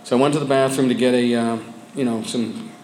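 A man sharing his personal story with a support group, speaking candidly and haltingly with frequent restarts, sometimes dropping low and quiet. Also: steady tone, a little hiss or hum. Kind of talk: personal testimony. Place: meeting room with a group of men. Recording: echoey room with faint ambience.

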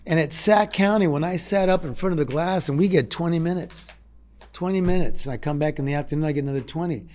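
A man in his sixties sharing a heartfelt personal story in a halting way, with repeated words and restarts. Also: on the high side, a little mellow. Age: 60s. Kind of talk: personal testimony talk.

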